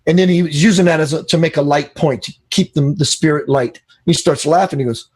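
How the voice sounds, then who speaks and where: A man being interviewed as a spiritual teacher, telling an animated story and acting out the dialogue. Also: a little high, brisk, few pauses, breathy edge.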